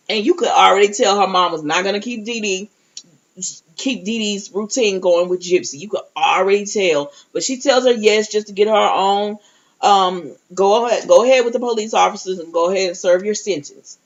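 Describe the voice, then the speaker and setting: A woman's voice: medium pitch, normal speed. A woman giving a casual recap and review of a TV episode, speaking directly to her viewers and often restarting her sentences. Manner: chatty, talks to viewers directly, many restarts. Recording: dull lo-fi audio.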